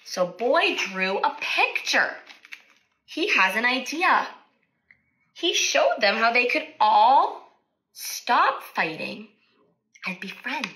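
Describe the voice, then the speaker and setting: A woman speech-language therapist reading a picture book aloud to children, animated and stopping to ask questions. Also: fairly high pitch, slow, pauses often, rough recording.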